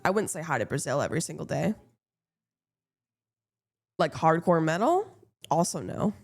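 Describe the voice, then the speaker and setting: A woman's voice: deep voice, lively intonation, moderate pace, gravelly, a little mellow. A woman streamer chatting casually with her viewers, blunt and playful, swearing freely.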